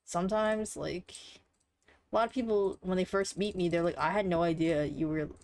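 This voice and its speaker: A woman's voice: fairly low pitch, fairly even intonation, normal speed, a little mellow, dry recording. A young adult woman streaming live, talking through a game in a rambling, offhand way and swearing casually. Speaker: livestreamer.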